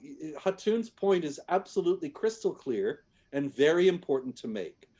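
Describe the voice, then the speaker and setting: A man's voice: fairly high pitch, darkish tone. Emphatic man arguing a point. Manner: emphatic, repeats words on restarts. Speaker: guest commentator. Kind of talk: conversational argument.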